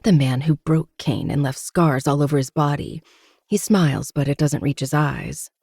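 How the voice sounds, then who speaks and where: A man narrates a romance novel aloud in steady, dramatic first person. His tone is mellow and slightly husky, with a gravelly edge. The sound is dry and close. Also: fairly high pitch, moderate pace, no echo. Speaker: podcast host.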